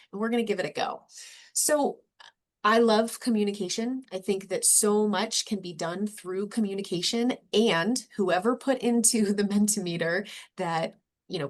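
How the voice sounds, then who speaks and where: A woman leading a cultural training workshop in an upbeat way, acting out short example dialogues as she explains. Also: medium pitch. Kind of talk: workshop presentation.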